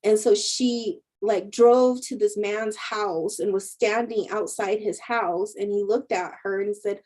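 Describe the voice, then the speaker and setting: Chatty woman spiritual teacher, mellow voice. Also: medium pitch, steady tone, measured pace, few pauses, poor audio. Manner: chatty storyteller, laughs often. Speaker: spiritual teacher and intuitive healer. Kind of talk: casual livestream chat answering viewers.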